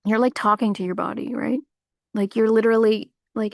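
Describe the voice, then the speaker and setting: A woman's voice: on the high side, flat delivery, moderate pace, gravelly, no room sound, clean studio sound. A woman hosting a casual livestream outdoors, rambling through spiritual musings with lots of fillers. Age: adult parent. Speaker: livestream host. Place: outdoors on a warm day.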